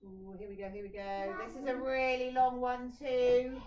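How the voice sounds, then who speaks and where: A woman teaching a phonics lesson to young children, sounding out words slowly and praising them. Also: a little high, level tone, a little mellow, dull audio. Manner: encouraging, sounds out words syllable by syllable. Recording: echoey room, voice a little far from the mic.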